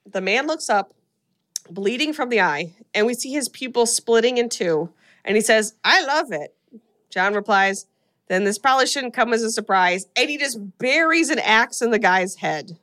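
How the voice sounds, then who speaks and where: Recapping a horror film on her podcast, this host chats casually and laughs frequently while retelling scenes. She has a fairly high, a bit bright voice with lively intonation at a moderate pace.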